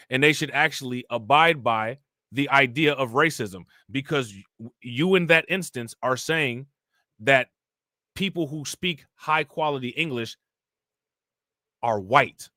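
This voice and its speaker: A man hosting a casual livestream, ranting in animated, slangy commentary and reading chat comments aloud. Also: medium pitch, unhurried, dry recording, clean studio sound. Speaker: livestream host reacting to news.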